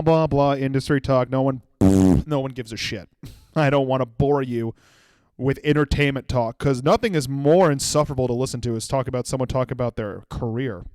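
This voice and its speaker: A young man hosting a comedy podcast, telling a story in an animated way and acting out the people he quotes. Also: mid-range voice, no room sound, studio quality. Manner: animated storytelling with acted-out quotes and sudden shouts. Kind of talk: solo comedic monologue.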